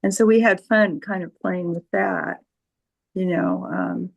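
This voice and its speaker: Gravelly hesitant tutor woman on a video call. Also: on the low side, fairly even intonation, a little slow, poor audio. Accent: Californian. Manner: hesitant, many fillers and restarts. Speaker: volunteer literacy tutor. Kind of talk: casual group discussion.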